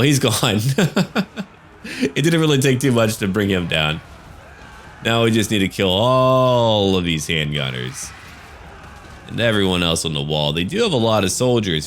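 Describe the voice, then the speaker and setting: A man's voice: low-pitched, fairly bright tone, slight background noise. A man casually commenting on a strategy game battle, chatty and joking. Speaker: gaming channel host.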